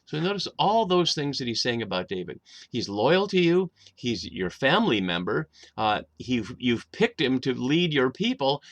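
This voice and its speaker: A male Bible teacher explains the text at a measured pace. His voice sits at a middle pitch, and he often pauses with small hesitations as he thinks. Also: very animated. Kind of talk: video Bible lesson.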